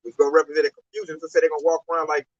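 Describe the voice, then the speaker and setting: A man explaining scripture in an emphatic, colloquial preaching style, sometimes breaking into a shout, on a dull lo-fi recording. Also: fairly high pitch, level tone, rapid-fire, no room sound. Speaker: teacher expounding scripture. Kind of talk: animated street-style preaching.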